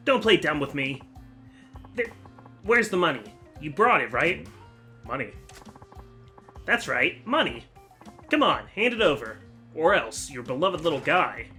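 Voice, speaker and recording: A man voicing a loud, bungling middle-aged kidnapper who blusters and threatens. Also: a little high, big pitch swings, a little slow, long pauses, soft background music, voice pushed up, exaggerated voice. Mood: blustering.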